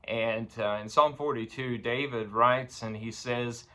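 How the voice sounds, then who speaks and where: Slow, halting male preacher, bright tone. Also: mid-range voice. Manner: slow and halting, many fillers, rising louder on scripture. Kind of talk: sermon.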